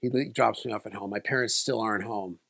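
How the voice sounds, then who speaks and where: A man's voice: on the low side, fairly even intonation, fast talker, vocal fry, a bit bright. A man in a casual vlog, telling a personal story in a loose, rambling way with many restarts. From South Florida. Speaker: video creator.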